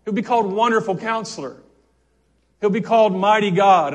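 A male pastor preaching a sermon, fervent and repetitive, with stammered restarts, swinging between loud exclamations and quiet asides. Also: high-pitched, normal speed.

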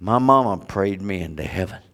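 A man preaching a sermon, with big dramatic swings from loud high peaks to hushed low stretches. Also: animated, fairly quick.

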